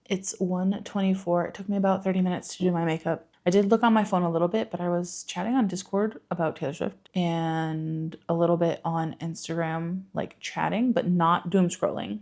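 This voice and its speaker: Woman, book vlogger, casual rambling chat, slightly low voice, laughs a lot. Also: fairly even intonation, moderate pace, hardly any pauses, darkish tone. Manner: chatty, rambling, laughs often, swears casually. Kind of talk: casual vlog chat to camera.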